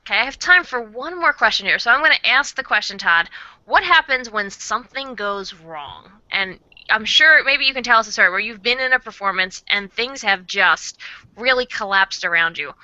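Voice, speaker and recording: A woman hosting a live online Q&A puts questions to an expert in a very bright, crisp voice. She sounds dry and close, with thin, muffled web call audio. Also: on the high side, animated, moderate pace, no echo. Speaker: moderator. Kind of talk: reading viewer questions. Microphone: video call.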